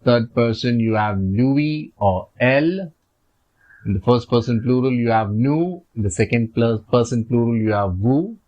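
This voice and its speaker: A man's voice: mid-range voice, lively intonation, a little slow. A man with an Indian English accent teaching French grammar over slides, patient and repetitive, with many fillers. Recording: slightly dull lo-fi recording.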